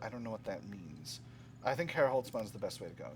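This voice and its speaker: A man's voice: fairly low pitch, lively intonation, quick pace, a little hiss or hum. A man hosting a let's play, reading game text aloud and thinking through his choices with hesitant fillers. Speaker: gaming channel host.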